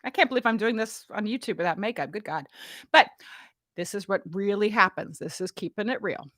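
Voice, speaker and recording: A woman voice teacher giving a casual, playful vocal warm-up demonstration in a room at home, talking into a studio mic. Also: mid-range voice, fairly quick, no room sound. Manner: chatty, playful and relaxed, often asks "right?". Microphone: studio mic, monitored on headphones.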